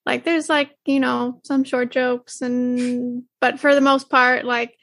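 A woman's voice: sits high, little pitch movement, slow pace, a bit bright, dry recording. A woman co-hosting a podcast in casual chat, rambling with many fillers and restarts and laughing often. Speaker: podcast co-host. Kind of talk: casual chat about an anime.

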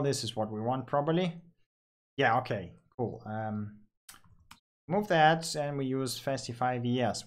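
Man coding while thinking aloud. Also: mid-range voice. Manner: thinks aloud with frequent fillers and self-corrections. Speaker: programmer coding on screen.

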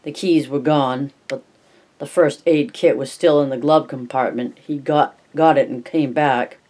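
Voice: mid-range voice, steady tone, measured pace, darkish tone. Stumbling amateur audiobook narrator. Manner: stumbling, self-correcting reading.

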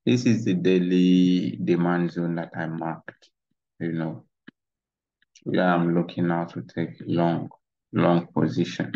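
A man's voice: sits low, level tone, slow pace, vocal fry, warm tone. A man walking through trading charts in a casual tutorial, rambling and saying "you know" a lot, recorded on a dull lo-fi mic. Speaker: trading instructor. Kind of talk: casual screen-share tutorial.

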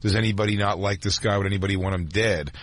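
A man in his thirties co-hosting a podcast, telling a story with crude, animated humor in casual comedic chat. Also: fairly low pitch, fast. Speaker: podcast co-host.

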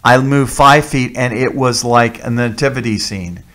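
A man preaching as a deacon who tells personal testimony stories in an animated way, repeating key words for emphasis. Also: medium pitch, a little slow. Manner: animated storyteller, emphatic repetition.

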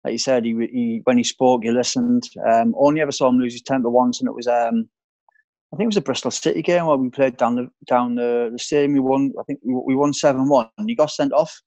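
A man in his middle register recalls a former teammate in an interview. He tells stories in a relaxed way, with frequent ums and repeated words. The recording is dry and slightly dull, with a lo-fi quality. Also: mid-range voice, fast, no room sound. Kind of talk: reminiscing interview.

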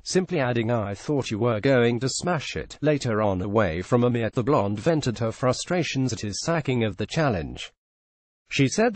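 A man reads out an entertainment news story, flat and repetitive in a read-aloud delivery. His voice is mid-pitched and sits in a dry, close recording with no room sound. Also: dry recording. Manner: flat, repetitive reading with lines repeated. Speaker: news reader.

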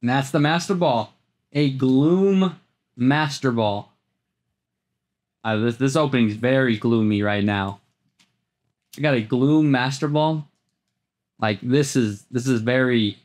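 A man at an everyday middle pitch chats through a card pack opening, naming each card as it turns up. He stumbles and repeats himself and then breaks into sudden excited highs. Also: takes it slowly, pauses often. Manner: chatty, repeats words, jumps into excited highs. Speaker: host opening trading card packs. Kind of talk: casual unboxing commentary.

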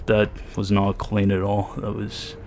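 Low-voiced cursing gamer man. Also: monotone, unhurried, a little mellow, a little hiss or hum. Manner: swears often, exasperated muttering. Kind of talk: gameplay commentary. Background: game music.

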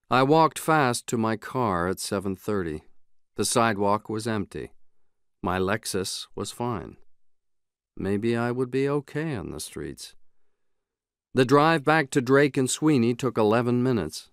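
A man reading a novel aloud in the first person, in a measured, even way. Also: mid-range voice, smooth, no echo, clean studio sound. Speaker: audiobook narrator. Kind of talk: scripted audiobook narration.

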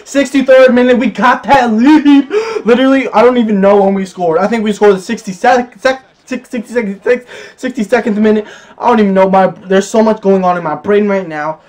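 Young male gaming creator, high-voiced, excitable play-by-play of a football video game, shouts at big moments. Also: brisk, slight background noise. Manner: keeps calling his viewers "boys". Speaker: gaming YouTuber.

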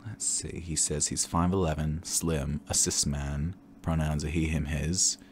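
A man rambling candidly and campily in a relaxed ASMR chat, drifting into soft whispers, tired and a little tipsy. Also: very deep voice, a little slow, slight background noise. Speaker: ASMR creator.

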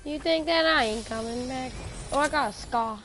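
High-voiced excitable woman gaming. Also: normal speed. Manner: excitable, trash-talking, hesitant with fillers. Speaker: streamer playing with a friend. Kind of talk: casual gaming chat. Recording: noisy stream audio with clicks.

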